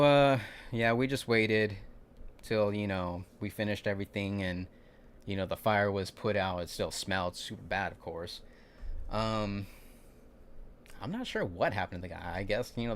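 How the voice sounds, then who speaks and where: A young man with a fairly low voice talks casually through a livestream, retelling a chaotic night at work. He rambles, restarts sentences and acts out the quotes of the people around him. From California. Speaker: vlogger recounting a work shift.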